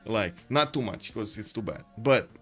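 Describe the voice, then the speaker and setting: A man's voice: on the low side, expressive, normal speed, fairly bright tone, breathy edge, soft background music. A man giving live-stream commentary on a strategy game, chatty and playful, laughing often and talking to his chat from indoors.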